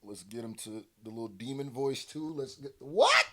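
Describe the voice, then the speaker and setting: A man's voice: medium pitch, normal speed. A man hosting a music reaction video, talking casually and bluntly, laughing often. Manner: animated, laughs often, blunt slangy remarks.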